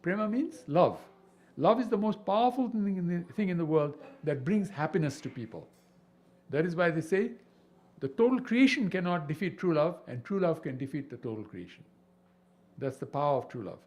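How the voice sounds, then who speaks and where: A man leads a devotional scripture class with a lively, swinging delivery and a slightly high voice. He keeps checking in with his listeners through rhetorical questions. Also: normal speed. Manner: animated, peppered with rhetorical questions. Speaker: spiritual teacher.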